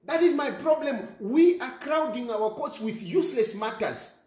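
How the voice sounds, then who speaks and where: A man's voice: very high-pitched, animated, moderate pace, a little mellow. A Zambian man with a Zambian accent, a politician ranting and scolding his listeners, repeating himself and calling them stupid. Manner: scolding, repetitive, insulting. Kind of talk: ranting commentary. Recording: echoey room.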